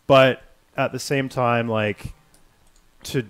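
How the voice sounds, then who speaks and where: A man's voice: mid-range voice, steady tone, takes it slowly, fairly bright tone, clean tone. A man chatting casually and teasingly while hosting a video game livestream. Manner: joking, teasing, playful. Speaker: livestream host. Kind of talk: casual gaming livestream chat.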